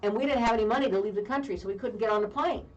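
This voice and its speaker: A woman in her fifties co-hosting a radio talk show, telling a long story in a lively way with frequent laughter. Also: fairly high pitch, rapid-fire, lo-fi sound. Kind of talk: casual on-air chat, storytelling. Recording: distant mic with faint background noise.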